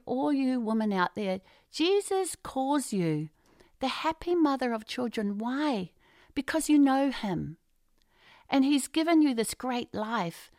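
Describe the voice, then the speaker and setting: A woman telling lively faith stories as a guest, exuberant, with loud bursts of excitement and sudden quiet, near-whispered asides. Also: on the high side, no room sound, studio quality. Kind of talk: enthusiastic Christian testimony.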